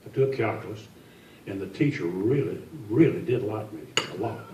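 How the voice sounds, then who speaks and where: A man's voice: on the low side, normal speed, highs cut off, background noise. Folksy older man in a hall. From Tennessee. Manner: folksy, joking, self-deprecating. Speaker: guest speaker. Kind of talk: after-dinner storytelling speech. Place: large indoor function room. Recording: echoey hall from a distance.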